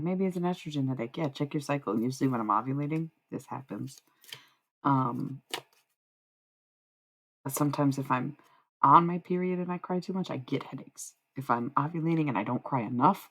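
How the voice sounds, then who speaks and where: A woman's voice: very deep voice, a bit bright, rough recording. A woman live-streaming casual spiritual readings, rambling and swearing freely as she answers chat.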